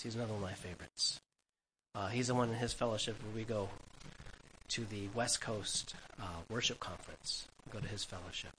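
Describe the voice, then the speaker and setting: A man in his fifties, a pastor giving a conversational, animated Bible-teaching sermon to his congregation, laughing now and then at his own stories. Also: medium pitch, a little hiss or hum, rough recording. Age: 50s.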